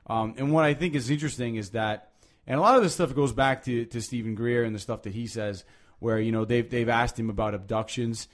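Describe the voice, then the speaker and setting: A man hosting a podcast, talking casually and at length, with many restarts, lively emphasis and frequent swearing. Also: mid-range voice, fairly quick. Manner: rambling, animated, swears freely, many restarts. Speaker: podcast host.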